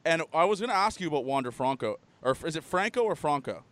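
A young man hosting a casual chat, brash and excitable, swearing freely. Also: a little high, rapid-fire, no room sound. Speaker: podcast host.

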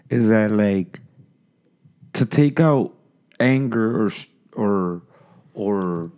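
A man's voice: lowish voice, dark tone. A man co-hosting a podcast, ranting in casual chat, rambling, profane and emphatic. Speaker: podcast co-host.

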